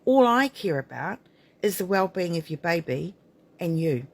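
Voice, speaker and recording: A woman's voice: lowish voice, very animated, normal speed, husky. A middle-aged woman midwife giving a frank, emphatic talk to camera, blunt and candid. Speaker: midwife and maternity author.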